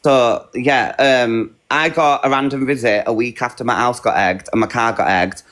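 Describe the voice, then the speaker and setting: A man, sounding blunt and worked up, runs through a long tale of a feud on a live stream. His voice sits in an ordinary middle pitch, and he rattles off who said what in quick runs. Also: steady tone, fairly bright tone. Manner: blunt, recounting quotes in a rush. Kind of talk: heated casual storytelling.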